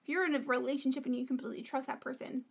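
High-voiced chatty woman podcaster. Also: little pitch movement, very fast, vocal fry, breathy edge. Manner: chatty, opinionated, often drops to a whisper. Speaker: podcast co-host. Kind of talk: casual chat.

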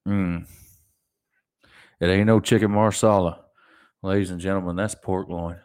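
A man's voice: deep voice, little pitch movement, unhurried, long pauses, darkish tone, smooth. A young adult man hosting a solo podcast, ranting animatedly and mocking people in put-on voices. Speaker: podcast host.

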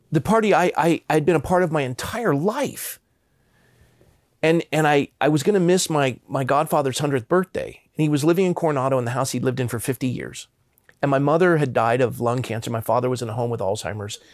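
A man's voice: mid-range voice, a little fast, no echo, clean studio sound. Earnest, stammering middle-aged storyteller man. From Southern California. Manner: earnest, emphatic, with frequent stammered restarts. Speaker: guest. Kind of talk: personal storytelling.

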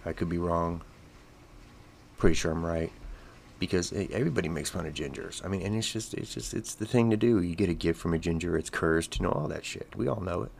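A man's voice: low-pitched, gravelly, slight background noise. A man hosting a podcast, talking in a crude, sarcastic, rambling monologue full of swearing. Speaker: podcast host. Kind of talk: casual comedic monologue.

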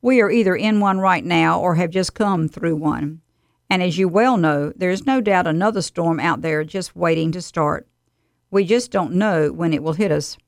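A woman delivering a scripted radio devotional in an earnest, steady, exhorting manner. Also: lowish voice, creaky, no echo, clean studio sound.

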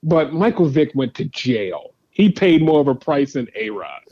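A man co-hosting a casual sports podcast, reacting bluntly and quickly and laughing often. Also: on the high side, very animated, muffled recording. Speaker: podcast co-host.

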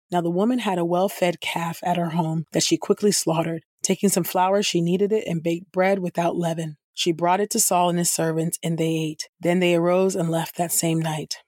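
A woman reading scripture aloud in a measured, even manner. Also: fairly low pitch, no echo, studio quality. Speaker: scripture reader.

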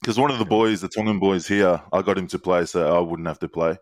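Deep-voiced laid-back man. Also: brisk, no echo. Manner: laid-back storytelling with frequent ums and laughs. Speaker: podcast co-host. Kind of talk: casual banter.

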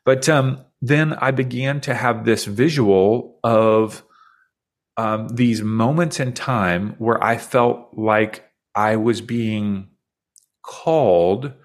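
At a slow pace, a forties-aged man reflects earnestly on a deeply personal experience while chatting as a guest on a podcast.

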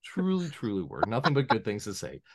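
A man with a lowish voice talks fairly quickly on a podcast, chatting casually as a game master. He tells rambling stories full of restarts and animatedly acts out the voices of the people he quotes.

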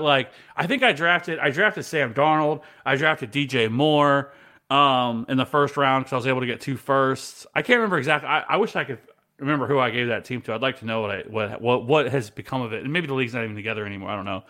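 A man co-hosting a fantasy sports podcast, talking casually with lots of swearing and animated storytelling. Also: medium pitch. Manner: animated and profane, swears freely. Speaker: podcast co-host.

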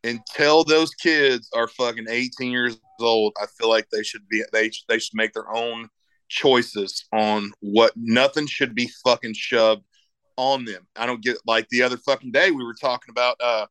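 A man's voice: medium pitch, steady tone, moderate pace, a bit bright, clear, resonant tone, dry recording, rough recording. A middle-aged man in casual podcast chat, rambling and emphatic, swearing constantly as he talks about raising his kids.

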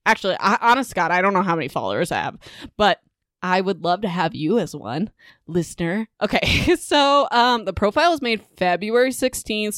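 A young woman hosting a book podcast, recapping chapters in a chatty, rambling way with animated asides. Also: medium pitch, smooth, no room sound, studio quality.

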